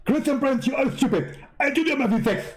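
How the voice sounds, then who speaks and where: A man with an Arabic accent mocking an impatient male preacher who snaps at a visitor in a shrill, exasperated voice. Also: quick pace, music in the background. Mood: irritated.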